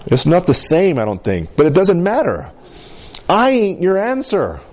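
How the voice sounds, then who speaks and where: A man preaching a sermon as pastor, with an accent from the San Luis Valley of Colorado, often asking the congregation "Amen?" and swinging between emphatic highs and soft asides. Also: wildly swooping pitch, moderate pace.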